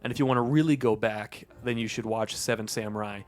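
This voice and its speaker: A man's voice: fairly low pitch, fast. A man co-hosting a casual podcast, rambling and joking as he talks about movies. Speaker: podcast co-host. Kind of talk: casual chat.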